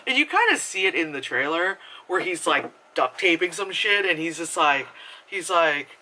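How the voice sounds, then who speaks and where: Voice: medium pitch, big pitch swings, unhurried, bright, forceful tone. A movie reviewer talking into a camera in a casual, rambling vlog review, swearing freely and laughing often. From United States.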